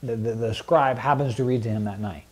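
A man's voice: medium pitch, fairly quick, a little mellow. A man teaching a Bible study group in a casual, conversational way, with many fillers and frequent questions to the class.

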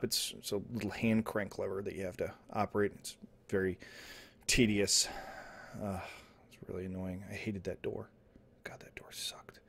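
Guy telling a dumb story totally straight, rambly, mumbles then gets loud, young dude. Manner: rambling, with restarts and asides, swinging from low mumbles to loud outbursts. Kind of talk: deadpan absurd comedy storytelling. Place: indoor home setup, streaming.

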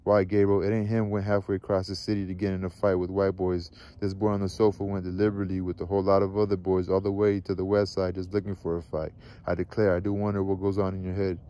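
A man reading a novel aloud, voicing a sharp-tongued aunt who scolds her brother without fear. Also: low-pitched, flat delivery, quick pace, hardly any pauses, muffled recording, close to an everyday voice. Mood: scolding. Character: sharp-tongued older aunt, a grown woman.

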